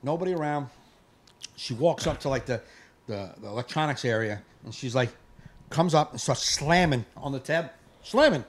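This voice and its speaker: A man co-hosting a live podcast, ranting in casual chat, profane and fired up, with bursts of yelling. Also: mid-range voice, expressive, moderate pace. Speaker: podcast co-host.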